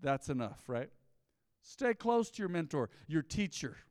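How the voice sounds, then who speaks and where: A middle-aged man preaches a sermon in a church sanctuary, his voice smooth and resonant and pitched a little high. He drives his points with emphatic, rising bursts and quick acted asides. The mic is close and dry, but a long hall reverb trails behind him. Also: big pitch swings, darkish tone. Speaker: pastor.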